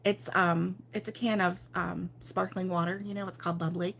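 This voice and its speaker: Bright-voiced chatty grandma host. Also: female voice, fairly low pitch, flat delivery, moderate pace, gravelly. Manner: chatty, laughing storyteller. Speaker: crochet channel host. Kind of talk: casual live chat with viewers.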